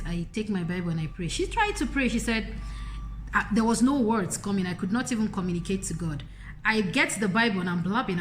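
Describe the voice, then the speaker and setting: A woman's voice: mid-range voice, slight background noise. A woman vlogger retelling a friend's marriage story to camera in a moralizing, emphatic way, often repeating her phrases.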